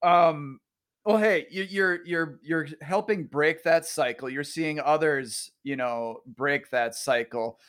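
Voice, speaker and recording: A man's voice: fairly high pitch, takes it slowly, a bit bright, smooth. A man hosting a podcast interview in a casual, chatty way, laughing easily and restarting his sentences. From Oklahoma. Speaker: podcast host.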